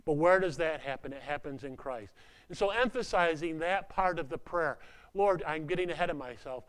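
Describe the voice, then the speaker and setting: A man preaching a sermon in a conversational way, with asides, swinging from hushed words to loud emphasis. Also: a little high, moderate pace. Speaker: pastor.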